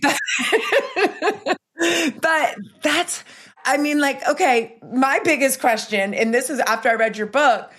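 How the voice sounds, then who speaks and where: A woman's voice: high-pitched, slow, fairly bright tone. Woman host reacting with encouraging exclamations. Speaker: podcast host. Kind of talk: conversational interviewing.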